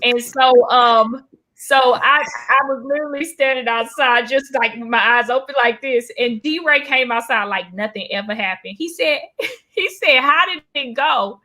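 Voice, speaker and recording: A woman's voice: on the high side, unhurried. A young woman stand-up comedian telling a story in casual chat, acting out the people in it. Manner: animated, acts out voices when retelling a story.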